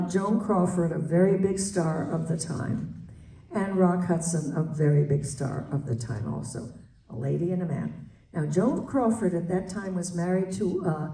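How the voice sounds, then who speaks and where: Animated older woman telling a story. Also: fairly low pitch. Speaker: guest. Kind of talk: anecdote on stage. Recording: roomy hall, distant mic.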